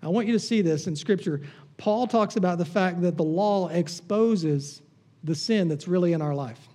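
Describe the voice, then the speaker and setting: A man, preaching a sermon as a pastor. He talks conversationally and teases the congregation, and goes soft and low for prayer. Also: moderate pace.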